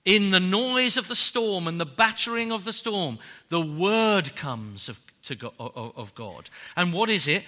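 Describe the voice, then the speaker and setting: Male preacher, dramatic sermon delivery, bright and high, very animated pitch. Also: takes it slowly. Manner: dramatic preaching that swings from loud to hushed.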